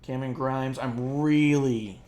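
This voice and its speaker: A podcast co-host in casual chat, rambling and swearing freely, with plenty of fillers and quick mocking asides. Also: mid-range voice, steady tone, a little mellow, slight background noise. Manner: rambling, profane, filler-heavy; drops into quick mocking impressions.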